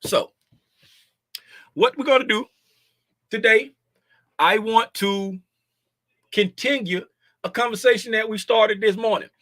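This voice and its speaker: A man's voice: sits high, a little slow, pauses often, pushed and bright, no echo. A man in his fifties hosting a casual trading livestream, joking and slangy and laughing often. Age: 50s.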